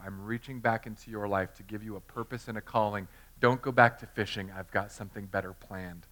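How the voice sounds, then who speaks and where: A middle-aged male pastor preaching a sermon, telling the story with animated swings from loud, excited lines to hushed ones. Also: mid-range voice.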